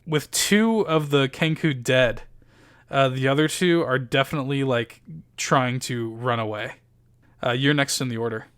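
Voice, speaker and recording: A man's voice: medium pitch, normal speed, fairly bright tone, clean tone. A man narrating a tabletop role-playing game as game master, in a loose, chatty way full of fillers.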